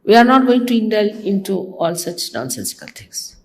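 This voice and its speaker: A woman's voice: mid-range voice, big pitch swings, brisk, a little mellow. An older woman from India, a spiritual teacher giving a conversational devotional talk to her followers, teasing and mimicking others. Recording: archival talk recording.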